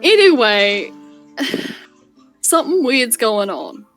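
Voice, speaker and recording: A woman's voice: a little high, big pitch swings, slow, a bit bright, soft background music. A woman playing a tabletop game, talking in character in a rambling, hesitant way. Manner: rambling, hesitant, filler-heavy. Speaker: player. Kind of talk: in-character roleplay chat.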